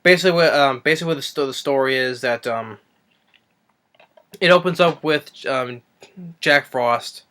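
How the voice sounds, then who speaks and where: A man's voice: mid-range voice, normal speed, pauses often, pushed and bright. A man giving a casual spoken movie review, rambling with frequent restarts and self-corrections. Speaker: film reviewer.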